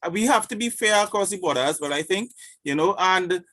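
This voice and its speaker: A man with a fairly high voice contributes to a church forum over a video call. He talks hesitantly, pausing on fillers and restarting phrases as he works through his points. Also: lively intonation, sharp tone. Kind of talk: discussion contribution.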